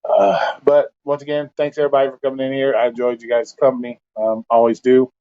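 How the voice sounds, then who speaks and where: A man's voice: mid-range voice, monotone, fast, mellow, smooth, lo-fi sound. Blunt, profane man ranting on a livestream. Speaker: livestream host. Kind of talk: casual livestream rant.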